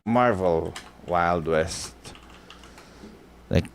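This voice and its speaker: A man's voice: deep voice, drawn-out words, creaky, clean tone. A man streaming live, chatting casually and thinking aloud, swearing freely and filling his talk with "like".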